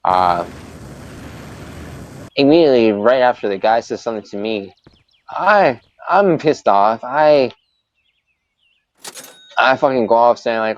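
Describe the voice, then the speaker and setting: A man's voice: medium pitch, lively intonation, takes it slowly, long pauses, no echo, dull audio. A male streamer telling a story in a casual, profane, exasperated rant. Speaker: live streamer. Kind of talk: casual storytelling while gaming.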